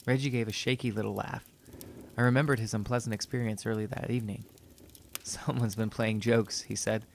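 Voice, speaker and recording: A man narrating a story in a measured, even reading voice. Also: lowish voice, creaky, slight background noise.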